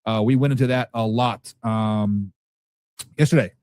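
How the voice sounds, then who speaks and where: A man hosting a casual football talk show, reading viewer comments and reacting loudly with profanity. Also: on the low side, unhurried, no echo. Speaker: podcast host reading live chat.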